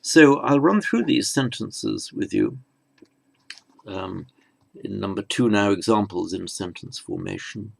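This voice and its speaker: A man teaching a recorded grammar lesson in a measured, explanatory way, often restarting his phrases. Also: lowish voice, animated, vocal fry. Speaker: language teacher.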